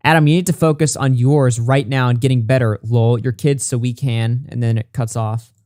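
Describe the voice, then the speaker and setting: Speaking in a mid-range, darkish voice with fairly even intonation, this man runs a commentary show. He races through texts and reports aloud and answers them with blunt, heavily sworn reactions, all captured in clean studio audio without room sound.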